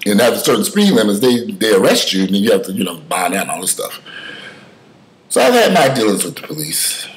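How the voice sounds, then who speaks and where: A man with a somewhat low voice talking casually, mixing stories with opinion. He gets animated and emphatic, swings from loud bursts to low mutters, and curses freely along the way. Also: brisk, rough recording. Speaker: commentator. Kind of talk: casual spoken commentary with storytelling.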